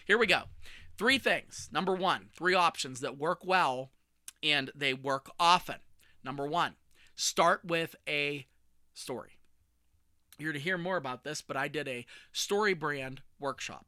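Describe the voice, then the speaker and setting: A man in his forties, a communication coach hosting his own podcast, talking solo with lively energy and self-deprecating jokes. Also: fairly high pitch, unhurried, no room sound, studio quality.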